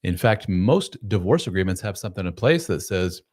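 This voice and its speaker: A man's voice: sits low, big pitch swings, brisk, a little mellow. A man hosting a live advice chat who talks frankly and bluntly and swears casually. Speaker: host.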